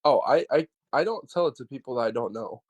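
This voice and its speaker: A man's voice: mid-range voice, animated, fast talker, a little mellow, dry recording, dull audio. A young man in casual chat, rambling and hesitant with lots of fillers.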